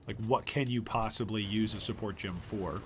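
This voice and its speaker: A man's voice: fairly low pitch, fairly even intonation, normal speed, a little hiss or hum. A man giving casual live-stream commentary while he plays, thinking aloud and trailing off, his voice wearing thin. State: losing his voice. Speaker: gaming streamer.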